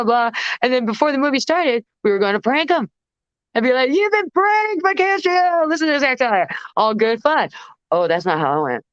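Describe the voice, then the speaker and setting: Brief: woman guest, higher voice, lively storyteller, dry muffled call audio. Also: clear, resonant tone, no room sound. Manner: animated, acts out voices in anecdotes. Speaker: guest vocalist. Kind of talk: casual storytelling interview.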